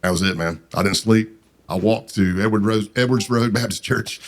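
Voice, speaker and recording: A man's voice: fairly low pitch, normal speed. A man telling a long personal story in a casual, rambling way, with many fillers and restarts. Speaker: podcast guest.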